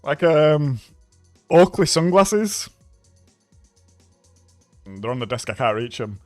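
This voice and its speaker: A man's voice: medium pitch, moderate pace, no echo, faint music behind. A young man from Bradford, chatting casually and rambling as he streams a racing game, laughing often. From Bradford, England. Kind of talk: casual live-stream chat.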